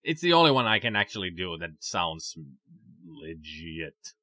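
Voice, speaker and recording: A man's voice: low-pitched, very animated, unhurried, pushed and bright, dry recording, studio quality. A man hosting a let's play, thinking aloud with many fillers in casual commentary.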